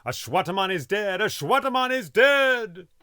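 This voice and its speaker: A man voicing a mighty, hot-headed male warrior with a blunt, forceful way of speaking. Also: mid-range voice, big pitch swings, normal speed, no echo, clean studio sound, pitched above the performer's own voice. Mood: shouting.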